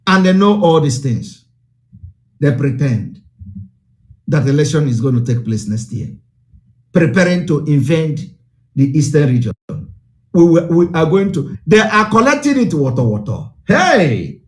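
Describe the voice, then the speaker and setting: Fiery high-voiced Nigerian man. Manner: fiery, repetitive, declamatory. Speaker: political broadcaster. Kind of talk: impassioned broadcast address.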